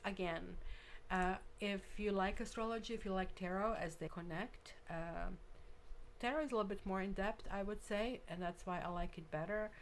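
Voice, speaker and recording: A woman's voice: mid-range voice, slight background noise. A woman hosting a live tarot stream, chatting casually with viewers and thinking aloud while she works.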